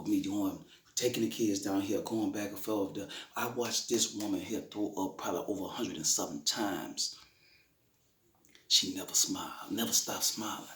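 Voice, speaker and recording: Middle-aged man, slightly low voice, grieving father, loose conversational storytelling, roomy echo. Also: fairly bright tone. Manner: conversational, repeats himself, frequent "you know what I'm saying". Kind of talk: emotional personal storytelling. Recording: roomy echoey room.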